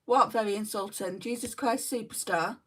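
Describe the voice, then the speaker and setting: A woman's voice: on the high side, moderate pace, recorded from a distance. Chatty New Zealand woman on a makeup livestream. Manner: chatty, reads out and answers viewer comments. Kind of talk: casual chat reading live comments.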